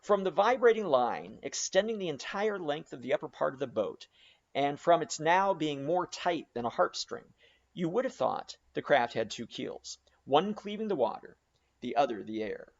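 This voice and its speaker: Expressive male audiobook narrator. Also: fairly high pitch, normal speed, creaky, highs cut off. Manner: expressive, varied delivery. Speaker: audiobook reader.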